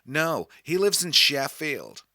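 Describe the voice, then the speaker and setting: A man voicing a friendly, chatty middle-aged American woman who speaks slowly and draws out her words. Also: on the high side, sing-song, pushed and bright, dry recording, studio quality, exaggerated voice.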